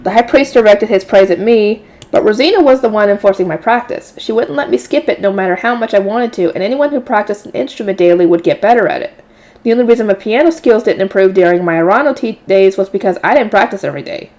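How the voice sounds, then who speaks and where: A woman's voice: mid-range voice, fast, a little mellow. A woman reading a light novel aloud in a casual way, correcting slips and adding offhand asides. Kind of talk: casual read-aloud narration.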